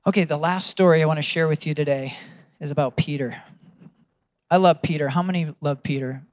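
Guy preaching, kinda higher voice, earnest, asks the crowd stuff, dry sound. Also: fairly quick, no room sound. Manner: earnest storytelling, asks the congregation questions. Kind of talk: sermon.

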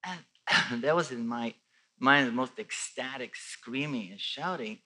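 A Bulgarian man shares his personal faith testimony as animated storytelling, restarting often while his voice rises and falls. He speaks in a mid-range voice, a little slowly.

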